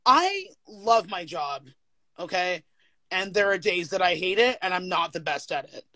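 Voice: mid-range voice, big pitch swings, measured pace, sharp tone, no room sound. A teacher as a guest in a casual chat, talking candidly with frequent swearing and filler words. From United States.

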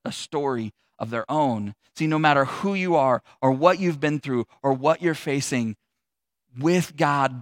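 A man with a high voice preaches a sermon from the pulpit. He builds through repeated, rising phrases, then drops quiet and low. The sound is close and dry. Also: no room sound. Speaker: pastor.

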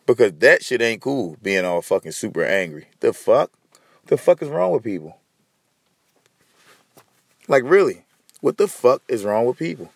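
A man's voice: mid-range voice, expressive, normal speed, vocal fry, long pauses, dry recording. A man hosting a solo podcast, ranting bluntly and profanely while talking straight to his listeners. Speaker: podcast host.

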